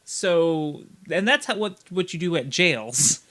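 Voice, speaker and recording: A man's voice: fairly high pitch, expressive, slow, fairly bright tone. A man co-hosting a casual group podcast, rambling with frequent restarts and laughing at his own points. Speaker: podcast co-host.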